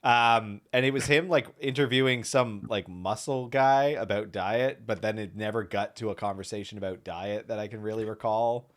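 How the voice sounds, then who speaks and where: Low-voiced, hesitant man. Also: moderate pace, few pauses. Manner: hesitant, trails off, wry. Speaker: podcast co-host. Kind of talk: casual wrestling chat.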